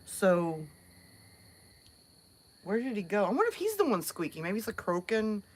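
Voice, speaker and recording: Live-streaming outdoors at night, a woman with a Southern accent from the American South chats away casually. Her medium-pitched voice swings widely in pitch at a moderate pace, and she rambles and laughs with many fillers.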